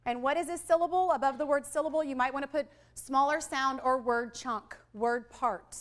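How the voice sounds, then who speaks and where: High-voiced woman leading a teacher workshop. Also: normal speed. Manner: animated, leads call-and-response drills. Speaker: literacy trainer. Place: training room with audience.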